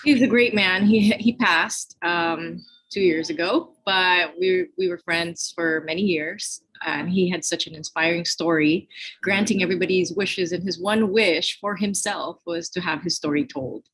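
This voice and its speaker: A woman's voice: on the low side, unhurried, a bit bright, husky, low-quality recording. A woman from the Philippines answering interview questions earnestly about her spiritual work. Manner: earnest, spiritual talk with fillers. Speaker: podcast guest.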